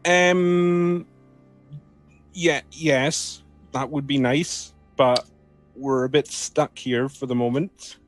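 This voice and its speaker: A man's voice: medium pitch, fairly even intonation, drawn-out words, soft background music, pitched above the performer's own voice. A man voicing a jittery, nervous young woman clerk who stammers and apologizes.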